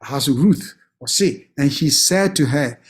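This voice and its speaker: A man's voice: a little high, expressive, takes it slowly. A man with a Ghanaian accent, giving an earnest and emphatic family life talk at church.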